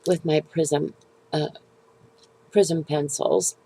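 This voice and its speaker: A middle-aged woman casually showing a handmade card, talking hesitantly with many pauses and restarts. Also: low voice, steady tone, warm tone, slight background noise, rough recording. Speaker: papercraft video maker. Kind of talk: casual show-and-tell crafting talk.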